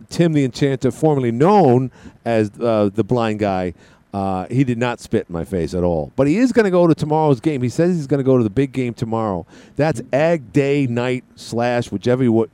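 The speaker is a man with a fairly low pitch and a dark tone, recorded with no room sound. He runs a call-in radio show, chatting in a meandering, jokey manner with many tangents.

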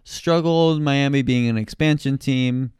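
A man's voice: medium pitch, unhurried, a little mellow, smooth, no room sound, studio quality. A man co-hosting a casual sports podcast, easygoing, often trailing off and correcting himself. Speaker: podcast co-host.

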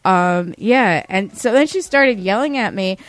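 A woman's voice: medium pitch, unhurried, no echo. Chatty woman acting out retail stories. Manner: animated, acts out customers in quoted voices, many "like" fillers. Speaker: podcast co-host telling a retail story. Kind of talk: casual chat, storytelling.

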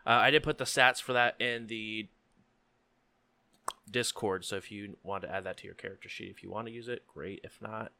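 A man narrating a tabletop game as game master, relaxed and full of ums and likes. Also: fairly low pitch, normal speed, creaky, a little hiss or hum.

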